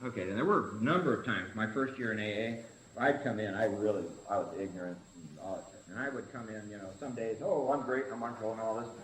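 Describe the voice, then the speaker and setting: Leading a Big Book study for a recovery group, a man with a lowish, fairly bright voice talks fast in short, punchy phrases, often ending them with "see?" The room is echoey, with a faint hiss on the recording.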